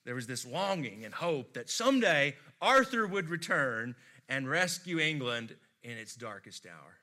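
An American man preaching a sermon, telling stories expressively and swinging from loud emphasis to hushed tones. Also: mid-range voice, sing-song, measured pace. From United States. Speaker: pastor.

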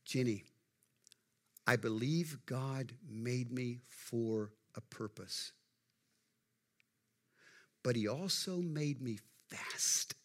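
A man voicing a devout young male athlete who speaks slowly and softly with reverence. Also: medium pitch, exaggerated voice. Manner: slow, hushed, reverent.

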